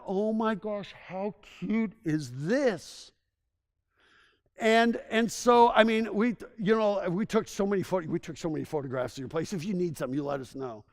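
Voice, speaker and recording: A man giving a rambling, enthusiastic presentation to a local audience, telling stories with frequent restarts. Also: high-pitched. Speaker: presenter giving a town assessment.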